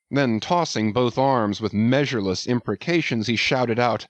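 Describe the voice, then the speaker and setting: A man reading a classic novel as steady, scripted audiobook narration. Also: medium pitch, moderate pace, few pauses, no room sound, muffled recording.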